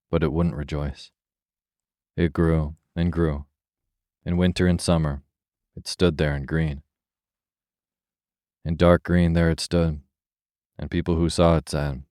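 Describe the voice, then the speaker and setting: A man narrates a fairy tale for sleep in a calm, unhurried read. His voice sits extremely low and sounds dark and mellow. The recording is dry, with no room sound. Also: dry recording. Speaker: storyteller. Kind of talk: scripted bedtime story narration.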